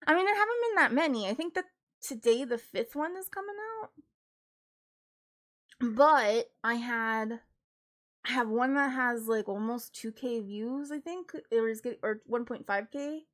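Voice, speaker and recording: Woman streamer rambling casually from home, higher pitched, lots of likes and laughing. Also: unhurried. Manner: chatty, with frequent 'like' fillers; laughs readily while telling stories. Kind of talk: casual chat.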